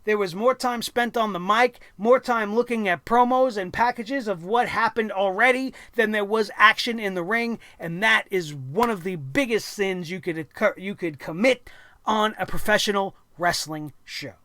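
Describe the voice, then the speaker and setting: Blunt, profane wrestling show ranter. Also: male voice, high voice, normal speed, sharp tone, no room sound. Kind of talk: ranting show review.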